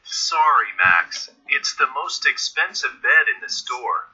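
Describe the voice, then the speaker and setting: A patient dad talks with a bright, husky voice that swings widely in pitch. He stays calm and reasonable. It is a textbook audio dialogue on a dull, lo-fi recording. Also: takes it slowly, full character voice. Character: patient dad shopping with his son.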